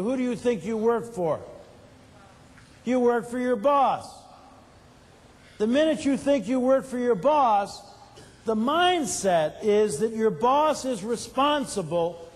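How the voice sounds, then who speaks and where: An older man gives a motivational keynote, tossing questions to the audience and answering them himself with a playful storyteller's touch. His voice sits notably high. The sound carries a long reverb from a big lecture hall. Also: animated, measured pace. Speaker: keynote speaker.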